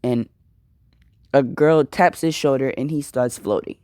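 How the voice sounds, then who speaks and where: A man's voice: medium pitch, unhurried, dark tone, dry recording, clean studio sound. A young man casually improvising a fan-fiction story, slangy and rambling, often repeating words.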